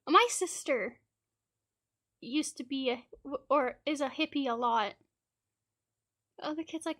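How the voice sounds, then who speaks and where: A woman's voice: high-pitched, a little slow, pauses often, fairly bright tone. A woman streamer from Canada telling rambling, laughing anecdotes in a casual chat and acting out children's lines.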